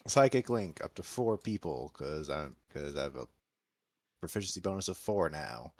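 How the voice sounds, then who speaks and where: A man's voice: very deep voice, lively intonation, normal speed, a little mellow. A man playing a tabletop role-playing game, describing his character's turn and thinking aloud with hesitations. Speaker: player.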